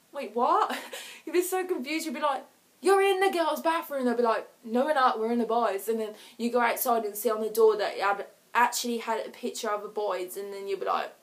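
Giggly, chatty woman with a slightly high voice. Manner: chatty, giggly, acts out short scenes in quick voices. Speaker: vlogger. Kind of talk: casual chat to camera.

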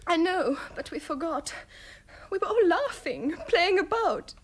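A woman's voice: very high voice, animated, a little slow. An actress playing an upset young woman who blames herself and explains what happened. It is a radio drama. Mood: distraught. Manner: upset, confessional.

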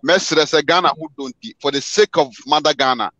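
A man's voice: fairly high pitch, fairly quick, a bit bright, no room sound. A man in a casual discussion, pleading earnestly and repeating words as he talks. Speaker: discussion participant. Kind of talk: casual discussion in Twi mixed with English.

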